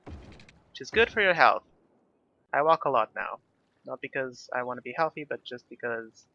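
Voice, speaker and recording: A man's voice: medium pitch, sharp tone, dull audio. A young man chatting casually over his own city-building gameplay, rambling and self-deprecating as he goes. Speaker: gaming YouTuber.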